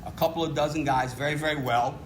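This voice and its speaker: Here a middle-aged meeting speaker from New York shares his recovery story candidly, poking fun at himself. His voice is a little high and steady in tone, his pace quick, and there's slight background noise.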